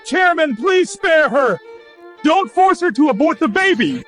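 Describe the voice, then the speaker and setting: A man's voice: extremely high pitch, big pitch swings, a little slow, a bit bright, faint music behind, heavily acted. An actor playing a desperate father begging for his daughter. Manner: begging, pleading.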